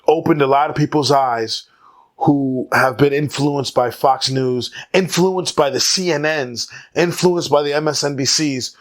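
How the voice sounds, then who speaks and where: A man giving casual solo commentary to camera, rambling with many fillers and jokey asides. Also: mid-range voice. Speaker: vlogger.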